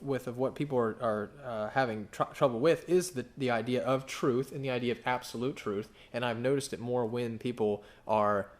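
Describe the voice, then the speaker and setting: A man's voice: mid-range voice, a little mellow. Man preaching with rhetorical questions. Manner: conversational, asks the congregation rhetorical questions. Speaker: pastor. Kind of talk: sermon.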